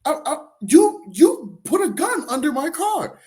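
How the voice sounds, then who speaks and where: Brief: man putting on a shrill, outraged middle-aged lady, voice jumping high. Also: big pitch swings, unhurried, mellow. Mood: shrill outrage. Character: panicked middle-aged woman, shrill and indignant.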